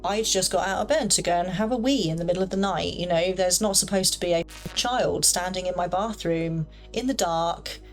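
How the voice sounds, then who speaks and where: A woman's voice: on the low side, normal speed, soft background music. A young woman casually telling a personal story in a chatty, rambling way full of fillers. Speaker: paranormal storyteller.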